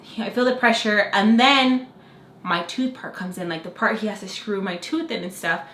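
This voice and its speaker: A young woman vlogger telling a story to the camera in a chatty, animated way, full of fillers. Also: medium pitch, moderate pace. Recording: echoey room.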